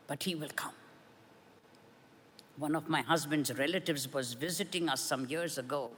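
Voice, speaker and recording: A woman preaches a sermon and tells her own testimony. She speaks in an earnest, measured way and rises with emphasis. Her bright voice rings with a long reverb, as in a church hall. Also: deep voice.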